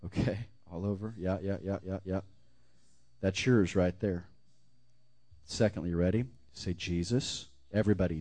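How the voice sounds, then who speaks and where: A pastor leading his congregation in a fervent sermon prayer, calling out lines for them to repeat and sometimes dropping to a hush. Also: low-pitched, steady tone, normal speed. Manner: fervent, leads call-and-response prayers, drops to whispers.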